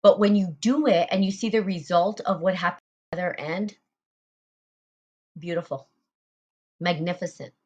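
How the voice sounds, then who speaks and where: A woman's voice: fairly low pitch, moderate pace, pauses often, darkish tone, dull audio. Earnest woman on a spiritual talk. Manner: earnest, repeats phrases, frequent fillers. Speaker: podcast host. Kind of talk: casual spiritual group talk.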